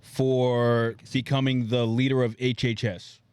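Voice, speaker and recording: A man's voice: medium pitch, level tone, measured pace, darkish tone, smooth. A young man co-hosting a podcast in casual chat, swearing and laughing as he acts out quotes. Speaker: podcast co-host.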